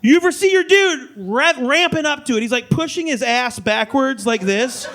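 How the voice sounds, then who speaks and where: A man performing a stand-up comedy set on a club stage, telling crude stories in a loud, animated way. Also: very high-pitched, moderate pace. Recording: live club audience laughter.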